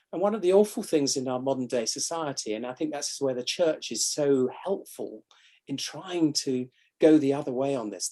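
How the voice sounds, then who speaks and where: A man's voice: mid-range voice, a little mellow. Enthusiastic man giving an illustrated talk. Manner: enthusiastic storytelling, quotes others directly. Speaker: GP giving an online briefing. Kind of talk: illustrated talk to an online audience. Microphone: online talk recording.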